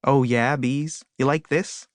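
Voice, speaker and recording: A man's voice: medium pitch, expressive, fast talker, no echo, studio quality, lightly acted. A man voicing a vain, boastful flower who teases and flirts. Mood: flirty.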